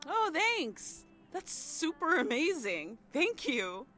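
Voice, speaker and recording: A woman voicing an excitable young woman who gushes about synthesizers and speeds up when excited. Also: high voice, takes it slowly, pitched above the performer's own voice, exaggerated voice.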